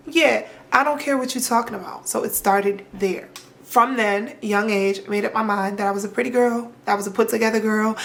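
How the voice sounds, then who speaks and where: Chatty young woman vlogging to camera. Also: on the high side. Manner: chatty, animated, heavy colloquial slang. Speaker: lifestyle vlogger. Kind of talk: casual chat to camera.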